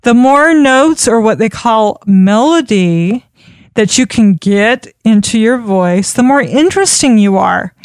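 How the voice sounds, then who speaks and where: A woman giving an instructional talk on public speaking, expressive and demonstrating pitch changes as she teaches. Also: measured pace, no echo, studio quality. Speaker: speaking coach.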